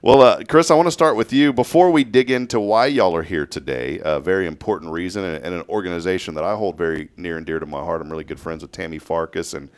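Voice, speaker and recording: A man's voice: deep voice, fast, hardly any pauses, clean tone. A man with a Texan accent hosting a casual morning radio show, folksy and joking with his guests.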